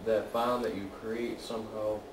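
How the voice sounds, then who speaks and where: A man's voice: on the low side, flat delivery, normal speed. A man in the audience asking a question hesitantly, stumbling over repeated words. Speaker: student in the audience. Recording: distant and roomy with background noise.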